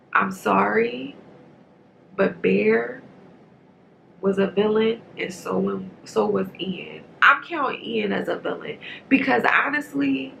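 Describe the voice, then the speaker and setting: A woman's voice: medium pitch, creaky, highs cut off, slight background noise. A woman giving a casual, rambling movie review straight to camera. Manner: chatty, rambling, animated.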